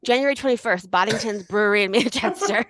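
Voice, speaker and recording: A woman's voice: on the high side, a bit bright. A woman co-hosting a podcast, chatting playfully and laughing with her co-host. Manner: quick, giggly, playful. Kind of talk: casual chat.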